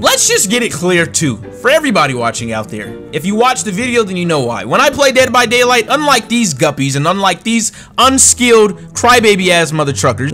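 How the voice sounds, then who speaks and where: A man's voice: fairly high pitch, a bit bright. A man hosting his gaming channel, ranting sarcastically and with plenty of swearing as he mocks the opponents in his matches. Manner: heated, sarcastic and profane, mocking opponents. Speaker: gaming streamer and channel host. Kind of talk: ranting gameplay commentary.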